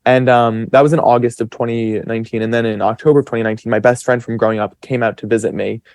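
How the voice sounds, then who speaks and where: A young man in his twenties talks as a podcast guest, rambling through his stories with plenty of fillers and acted-out bits of his own thoughts. His pitch sits in a middle range, and the recording is dry and close, with no room sound. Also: level tone, quick pace, a little mellow, no room sound. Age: 20s. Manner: chatty, rambling with many fillers and quoted self-talk. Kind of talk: casual storytelling.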